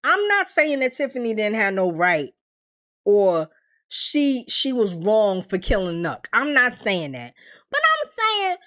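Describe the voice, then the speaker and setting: A woman hosting a casual TV recap, talking in an animated, blunt and profane way and laughing often. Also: medium pitch, a little slow. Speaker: TV recap host.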